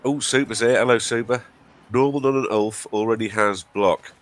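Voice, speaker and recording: A man's voice: medium pitch, normal speed, a little hiss or hum. A man from England with a cold, co-hosting a live stream in casual, jokey banter. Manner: chatty, banter with jokey asides. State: has a cold. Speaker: stream co-host.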